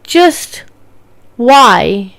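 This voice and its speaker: A young woman chats on her gaming stream, sounding animated and incredulous as she laughs her way through stories. Her voice sits a little higher than most women's, close on a desk mic. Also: extremely slow, vocal fry. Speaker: streamer host. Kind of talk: casual gaming chat.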